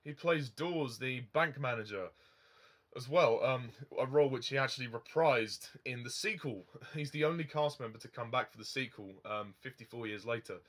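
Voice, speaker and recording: A young man talks through a film review in an easy, unscripted way. He rambles, fills his pauses with ums and chuckles at his own comments. His voice sits at an ordinary middle pitch for a man. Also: fairly bright tone. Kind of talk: casual film review monologue.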